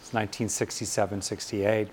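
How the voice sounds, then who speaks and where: An older American man from California giving a thoughtful, reflective talk on fear and courage, pausing often and rising in emphasis on key points. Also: fairly low pitch, little pitch movement, a little mellow, a little hiss or hum.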